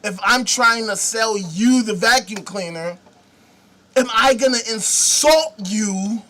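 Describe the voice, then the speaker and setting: A show host rants slowly, in a mocking, sarcastic tone, swearing freely. The voice sits high and sounds bright and crisp. The delivery is unhurried and drawn out. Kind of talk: profane comedic rant.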